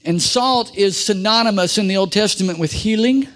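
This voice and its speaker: High-voiced male pastor preaching. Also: normal speed. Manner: lively call-and-response preaching, prompts congregation to repeat; humorous asides and rhetorical questions. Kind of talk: sermon. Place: church sanctuary.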